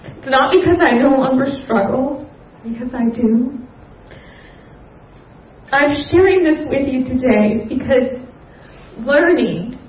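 Young woman sharing her testimony at church, talks slow and earnest, kinda dull roomy sound. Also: sits high, lively intonation, far from the mic, a little hiss or hum. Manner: earnest and confiding, with soft fillers. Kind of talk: personal testimony talk. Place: church gathering room.

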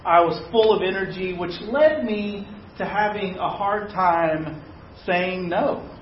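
Speaking slowly in a high voice, a man shares a self-deprecating personal anecdote during a sermon, keeping the tone conversational. The room recording sounds echoey and muffled, with a faint hiss or hum.

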